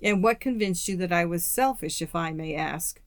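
An audiobook reader voicing a brooding young gentleman student who speaks with bitter, feigned indifference. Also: medium pitch, moderate pace, no echo, natural voice. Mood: cool. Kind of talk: audiobook character reading.

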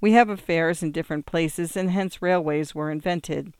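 A man reads out a bitter young man in despair, his lines rising with feverish intensity. The voice is smooth and resonant. The sound is dry and close. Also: fairly high pitch, normal speed, no room sound, natural voice. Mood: persuasive. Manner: intense, rising theatrical delivery.

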